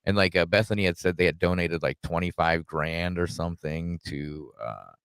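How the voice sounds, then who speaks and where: Deep-voiced male podcast host. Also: moderate pace, a bit bright, clean tone, no echo. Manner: loose, searching for words, many fillers. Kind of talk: casual podcast chat.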